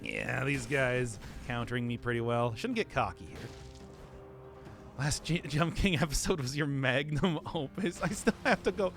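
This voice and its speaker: A man's voice: medium pitch, moderate pace, a bit bright, faint music behind. A man rambling through casual gameplay commentary, laughing often and mocking himself, his voice groggy from not having talked all day. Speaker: streamer.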